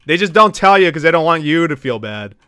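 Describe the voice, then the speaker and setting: A man's voice: fairly high pitch, big pitch swings, brisk, bright, forceful tone, smooth, no room sound, studio quality. A man streaming a game, talking to his chat in a brash, teasing and profane way. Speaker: gaming streamer. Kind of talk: casual live-stream chat.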